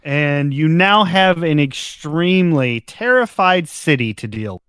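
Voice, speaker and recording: A man's voice: fairly high pitch, lively intonation, measured pace, a bit bright, clean tone, no room sound. A man narrating as game master of a tabletop role-playing game, laughing between descriptions.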